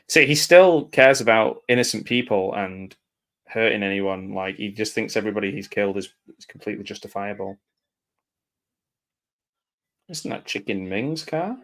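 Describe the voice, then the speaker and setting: A man casually narrates a film live with a lowish voice at a moderate pace, reacting out loud and frequently slipping into quiet, mumbled asides.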